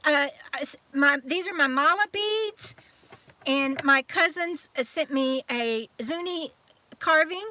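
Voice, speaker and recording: A woman's voice: sits high, bright, forceful tone, dry recording. A woman with a Southern US accent hosting a live-stream chat, talking in a chatty, scattered way as she greets viewers one by one. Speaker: YouTube channel host.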